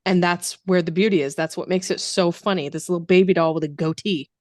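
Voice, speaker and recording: A woman's voice: lowish voice, fairly even intonation, fairly quick, a little mellow, no echo. Woman guest on a movie podcast, blunt, kinda exasperated, swears a bit, dry mic. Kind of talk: casual movie chat.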